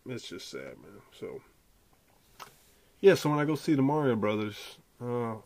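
A man hosting a podcast, delivering an animated, profane, slangy casual rant. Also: medium pitch, measured pace, dry recording. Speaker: podcast host.

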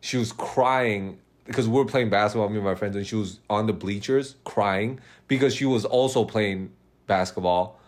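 A man's voice: on the low side, moderate pace. A young man in casual chat, rambling and cursing as he tells dating stories, laughing often. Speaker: podcast host telling dating stories.

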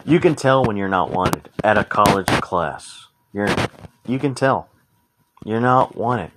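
A young man with a lowish voice rambles through a frank, profane solo podcast monologue. He keeps restarting his sentences and acts out what other people said. A steady noise sits under the recording. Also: a little slow. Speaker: podcast host. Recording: noticeable background noise.

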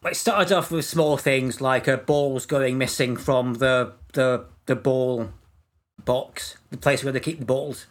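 Brief: male podcast co-host, mid-pitched, dry deadpan storyteller. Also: slow pace. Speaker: podcast co-host presenting facts. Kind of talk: casual comedic podcast chat.

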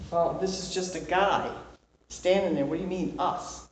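A woman's voice: lowish voice, fairly even intonation, normal speed. A woman leading an informal Bible study, talking conversationally and checking in with her listeners with a frequent "okay?". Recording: very echoey room, voice far from mic.

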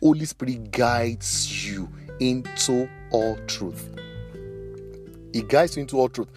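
A man's voice: medium pitch, slow. A man preaching a sermon, retelling Bible stories and acting out the people in them. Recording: faint guitar music behind.

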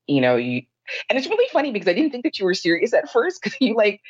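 A woman's voice: mid-range voice, wildly swooping pitch, quick pace, slightly rough, dry recording, muffled recording. A woman co-hosting a podcast, telling a story in a rambling, emotional, casual way. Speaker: podcast co-host.

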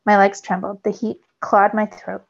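Woman teacher, gravelly voice, storybook read-aloud for kids, dull lo-fi sound. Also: mid-range voice, normal speed. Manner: lively storytelling, rising with the action. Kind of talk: reading a novel aloud for students. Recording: dull lo-fi recording.

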